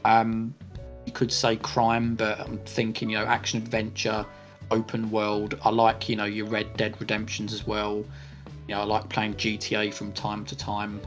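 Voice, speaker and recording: A man co-hosting a podcast, answering listener questions in a measured, hedging way as he thinks aloud. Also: lowish voice, monotone, soft background music. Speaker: podcast co-host. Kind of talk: casual Q&A chat.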